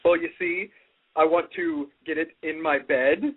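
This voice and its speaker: A man phoning in to a call-in show to tell a prank story. He talks deadpan, with a fairly high voice. The line is thin and tinny. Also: unhurried, husky. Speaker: caller.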